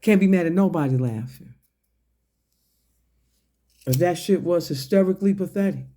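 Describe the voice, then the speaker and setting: Speaking in a high, warm voice, this man delivers a ranting, profane commentary to camera. He takes his time, deliberately firing pointed questions to mock and challenge someone point by point.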